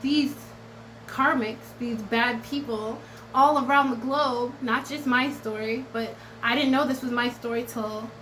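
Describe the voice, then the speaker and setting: A woman's voice: on the high side, steady tone, unhurried, a bit bright, slight background noise, poor audio. A woman tarot reader talking straight to her viewers in a casual vlog, blunt and profane, swinging between defiance and tenderness and close to tears at times.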